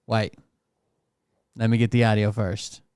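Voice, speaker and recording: A man's voice: on the low side, little pitch movement, a little slow, a little mellow, smooth, dry recording, studio quality. A man hosting a casual show, talking in a loose, rambling and profane way. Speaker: host. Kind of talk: casual chat.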